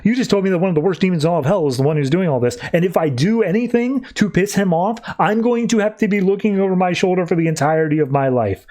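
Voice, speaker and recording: Podcast host putting on a cynical occult con man, high-pitched and exasperated. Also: quick pace, few pauses, dark tone, lightly acted.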